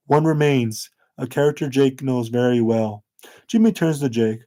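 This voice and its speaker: A man narrating a fan-made story in a plain, slightly halting reading voice. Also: medium pitch, dark tone.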